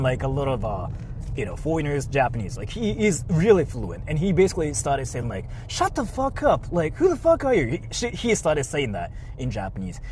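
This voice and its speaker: A man telling a story in a casual vlog, animated and full of filler words. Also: mid-range voice, a little hiss or hum, poor audio. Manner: animated, heavy use of filler "like", laughs often. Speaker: vlogger. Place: inside a car.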